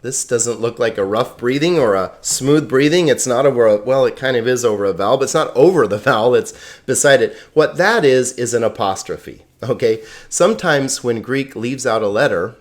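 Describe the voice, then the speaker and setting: A man teaching a recorded Greek lesson, sounding words out slowly syllable by syllable. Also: medium pitch.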